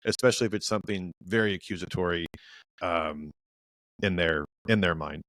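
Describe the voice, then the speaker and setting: Deep-voiced male podcast host. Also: fast, vocal fry, a bit bright, dry recording, rough recording. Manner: long winding questions. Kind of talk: podcast conversation.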